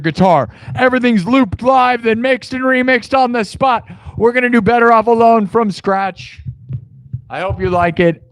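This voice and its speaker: A young man hosting his own live stream in loose, rambling chat. His voice sits a little high, and his talk is full of "dude" and "like". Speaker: live-stream musician host.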